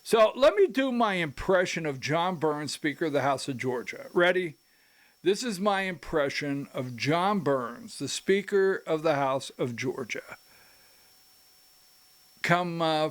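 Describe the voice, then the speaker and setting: A man's voice: fairly high pitch, animated, unhurried. A man hosting a political commentary show who rambles, breaks into his own sentences and adds emphatic asides. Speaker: host.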